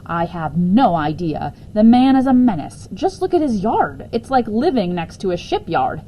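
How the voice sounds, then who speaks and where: A woman's voice: sing-song, normal speed, dark tone, slight background noise, close to an everyday voice, poor audio. A woman doing a shrieking, frazzled mother. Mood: indignant. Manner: shrill exasperated outbursts. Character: frazzled shrieking mother, fed-up, headline-talking.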